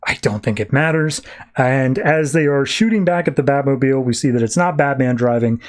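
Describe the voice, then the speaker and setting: A man's voice: mid-range voice, fairly quick. A man hosting a podcast who recaps a comic book in a chatty, jokey way. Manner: chatty, jokey, acts out characters. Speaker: podcast host.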